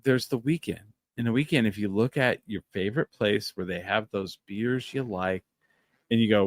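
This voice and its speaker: A man hosting a podcast in casual chat, excitable and telling stories in an animated way. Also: fairly low pitch, fairly quick, no echo, clean studio sound. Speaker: podcast host.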